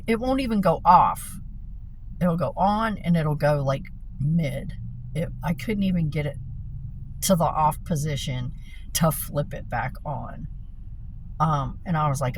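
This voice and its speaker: A woman's voice: fairly low pitch, unhurried, pauses often. A woman casually telling a story to camera, swearing freely and laughing as she goes. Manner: profane, animated storytelling with laughs. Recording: far from mic, loud traffic noise outside.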